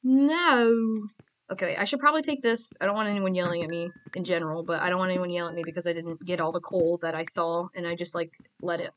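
A woman's voice: fairly low pitch, fairly even intonation, fast talker, a bit bright, a little hiss or hum. A woman giving casual, playful commentary while playing a game, joking and giggling to herself. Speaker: Minecraft player.

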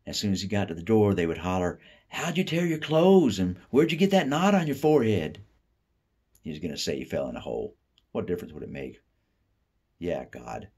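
Appalachian-raised guy reading a short story, low and a bit husky, goes quiet for the thinking parts. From Appalachian United States. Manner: expressive reading that drops soft and low for inner thoughts. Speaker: reader.

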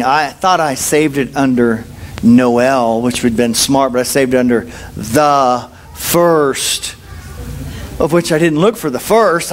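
A man's voice: mid-range voice, a little hiss or hum. A man preaching a sermon at a church service in a humorous, conversational way, telling stories and acting out the dialogue in changing voices. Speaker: pastor.

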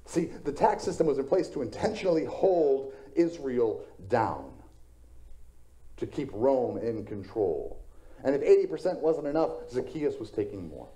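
A man's voice: mid-range voice, big pitch swings, measured pace, warm tone. A male pastor preaching a sermon in a conversational storytelling way, slipping in self-deprecating jokes.

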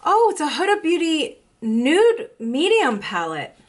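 Young female beauty vlogger, bright and excitable, with a high voice that jumps around a lot. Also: unhurried. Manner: gushing, excitable. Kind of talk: casual unboxing chat.

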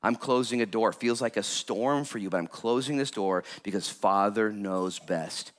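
God, calm and fatherly, as a preacher puts him on. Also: fairly low pitch, moderate pace, close to an everyday voice. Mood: reassuring. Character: God speaking gently to a believer, calm, fatherly.

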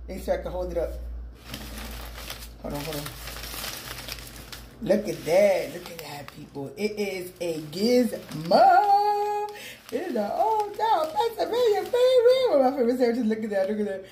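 A woman's voice: a little high, very animated, a little slow, long pauses, dark tone. Middle-aged lady rambling at home for her vlog, echoey room, faint hum behind. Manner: rambling and chatty, calls viewers "people". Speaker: vlogger. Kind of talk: casual mukbang vlog chat. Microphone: phone with small clip-on mic.

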